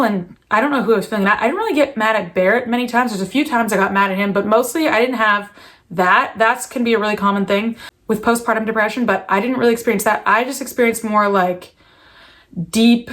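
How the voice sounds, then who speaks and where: A woman's voice: fairly high pitch, a bit bright. Earnest young mother vlogging. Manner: candid and earnest, many fillers and restarts. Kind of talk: personal confessional vlog.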